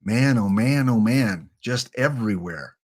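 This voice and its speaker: Unhurried man streaming a game. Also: medium pitch, lively intonation, darkish tone. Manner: muttering to himself and talking to the players on screen. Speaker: live streamer. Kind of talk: live-streamed gameplay commentary.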